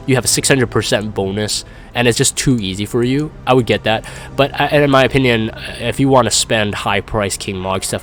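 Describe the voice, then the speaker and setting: A young man chatting casually as a gaming YouTuber, rambling and self-deprecating while reading live comments. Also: lowish voice.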